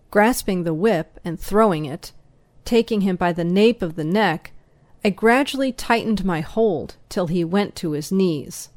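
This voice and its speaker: A woman reading a first-person story aloud as an audiobook narrator, slow, even and measured. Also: mid-range voice, dry recording.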